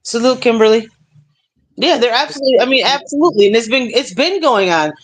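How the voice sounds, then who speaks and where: A somewhat high-voiced woman hosting a casual stream chat. She tells stories with energy and leans on fillers and repeated words as she goes. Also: fast talker. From United States. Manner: animated storytelling with many fillers. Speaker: stream host.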